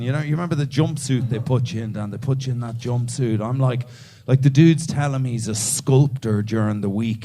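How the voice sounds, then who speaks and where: A man's voice: medium pitch, background noise. A man performing stand-up comedy in a club, swearing freely and teasing a man in the audience. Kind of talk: stand-up comedy crowd work.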